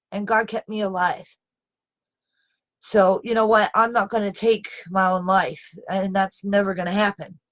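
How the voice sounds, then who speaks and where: A woman's voice: mid-range voice, fairly bright tone, poor audio. A woman talking unscripted on a live video into a phone camera, upset and exasperated, pleading and emphatic as she presses her point. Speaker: live streamer.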